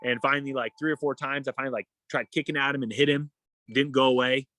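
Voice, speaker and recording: A young man talks in a relaxed, casual way as a podcast guest, jumping into the voices of the people in his story as he goes. His voice sits at an ordinary pitch. The sound is dry and close to the mic. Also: fast talker, no echo. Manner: animated, acts out quoted dialogue. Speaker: guest, endurance athlete.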